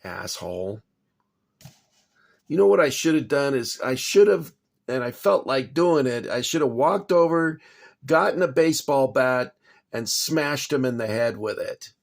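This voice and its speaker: A man talks slowly, with a gravelly, creaky voice. He rambles at home in a casual vlog, agitated, swearing and then apologizing. His pitch sits in an average range. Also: lively intonation. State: shaking after anger. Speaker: toy collector vlogger. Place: home kitchen.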